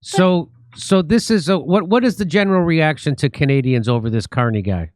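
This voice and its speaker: A man hosts a casual political chat, joking and asking quick questions. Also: on the high side, expressive. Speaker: host.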